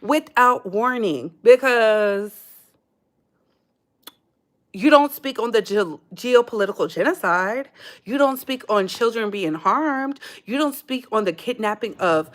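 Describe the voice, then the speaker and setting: An American woman hosts her own commentary show in a sassy, emphatic style, with a voice pitched a little high. She keeps calling her listeners "baby" and stays casual and direct. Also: animated, a little slow. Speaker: commentary channel host.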